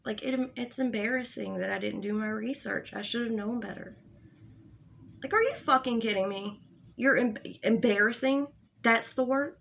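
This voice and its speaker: A young woman with a fairly high voice rants in an exasperated, sarcastic commentary. She swears freely and sounds fed up. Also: normal speed, gravelly, fairly bright tone, a little hiss or hum. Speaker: commentary YouTuber. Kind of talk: angry commentary rant.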